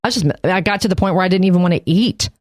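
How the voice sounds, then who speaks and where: A woman with a Texas accent and a lowish, darkish voice co-hosts a Bible study podcast, talking very fast. The chat is casual, and she rambles in a self-deprecating way.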